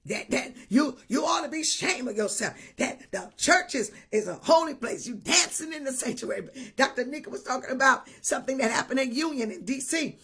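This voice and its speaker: A woman bishop preaching a sermon, animated, shouting at times and breaking into tongues. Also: sits high, a little fast, hardly any pauses, breathy edge.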